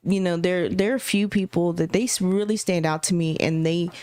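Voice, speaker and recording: A woman's voice: fairly low pitch, fairly even intonation, fairly quick, darkish tone, clean tone, no room sound. Candid woman telling stories, dry sound. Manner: storytelling, candid, laughs often. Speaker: podcast co-host. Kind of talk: casual chat.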